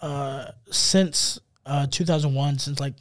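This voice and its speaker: A man co-hosting a casual podcast chat, an animated storyteller who slips into mimicked accents and voices. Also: mid-range voice, slow, a little hiss or hum. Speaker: podcast co-host.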